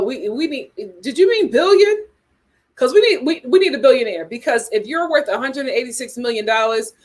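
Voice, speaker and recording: A woman hosting a casual live stream, chatting emphatically, repeating her points and reading viewer comments aloud. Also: fairly high pitch. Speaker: host of a reality TV chat stream.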